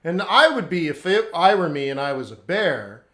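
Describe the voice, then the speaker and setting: A man runs a live trading class, answering viewers' questions bluntly and hammering his points home. His voice sits fairly high. The sound is roomy and echoey. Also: sing-song, normal speed, fairly bright tone. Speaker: forex trading instructor.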